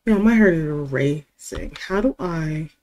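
A woman's voice: low voice, animated, slow pace, darkish tone. A woman giving let's-play commentary on a game, jittery and casual, using slang and keeps saying how scared she is. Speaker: gaming video creator.

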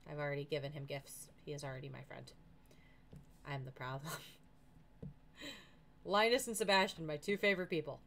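A woman's voice: deep voice, moderate pace, creaky, long pauses, a bit bright. A woman streamer giving casual, chatty commentary while playing a farming game, often talking to the characters.

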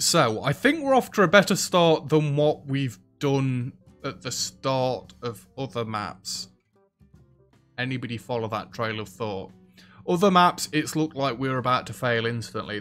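A man giving casual, chatty commentary as he plays a restaurant sim, reacting loudly to what happens in the game. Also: mid-range voice. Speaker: let's play host. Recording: faint background music.

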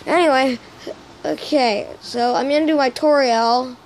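A woman's voice: sits high, steady tone, unhurried, slight background noise, poor audio. A young woman vlogging casually, rambling and joking at her own expense. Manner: rambling, self-deprecating, swears casually. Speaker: YouTuber. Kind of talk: casual vlog chat.

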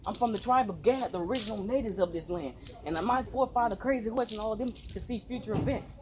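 A woman street preaching with urgency, talking fast and calling out to passersby. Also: fairly high pitch, background noise. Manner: urgent, rapid-fire, addressing passersby.

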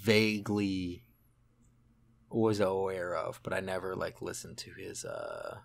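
A young man talks through old songs with friends on a podcast. His voice sits on the low side, and he rambles, pausing to dig up names and trailing off with fillers. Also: steady tone, vocal fry. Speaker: podcast co-host. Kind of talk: casual music discussion.

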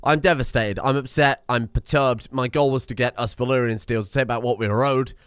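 A young man narrating his own strategy gameplay out loud, talking to himself and cursing as he plays. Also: mid-range voice, fairly even intonation, brisk, clear, resonant tone, no echo, clean studio sound. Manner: talks to himself while playing, swearing and exasperated. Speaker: let's play streamer. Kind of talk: live gameplay commentary.

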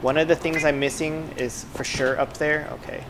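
A mid-range, steady voice talks at a normal speed over a noisy background with game music playing. A game streamer gives casual let's-play commentary, chatting with viewers and muttering asides to themself.

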